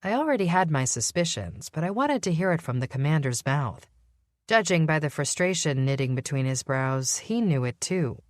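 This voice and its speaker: A woman reading a first-person audiobook, measured and wry. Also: deep voice, very animated, no echo. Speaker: audiobook narrator.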